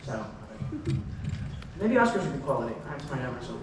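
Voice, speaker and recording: A man's voice: medium pitch, big pitch swings, fast, background noise. A young man answering fan questions at a convention panel, rambling and restarting sentences with laughing asides. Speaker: celebrity panel guest. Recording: echoey convention hall from far off.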